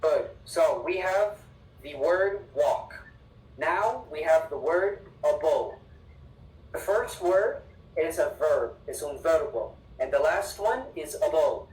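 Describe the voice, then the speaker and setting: An English teacher giving an online class, upbeat and emphatic, repeating words slowly for the students. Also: mid-range voice, expressive, darkish tone. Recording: echoey room, distant mic.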